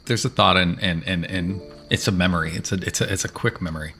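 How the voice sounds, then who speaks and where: A man describes his character's actions at a tabletop game, rambling and swearing freely. His voice is low but bright. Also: quick pace, faint music behind. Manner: rambling, swears casually, many restarts. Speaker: player. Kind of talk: casual tabletop play.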